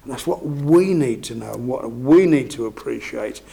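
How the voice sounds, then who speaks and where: A man's voice: mid-range voice, expressive, moderate pace, vocal fry, dark tone. A man preaching a sermon, expounding scripture in a conversational way and often asking his listeners tag questions.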